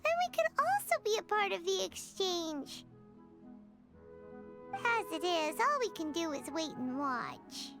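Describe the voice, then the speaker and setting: A tiny, bubbly girlish companion with a very high, bouncy voice. She is outspoken and chirpy. Loud music plays under this game audio. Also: very animated, unhurried, exaggerated voice. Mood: curious.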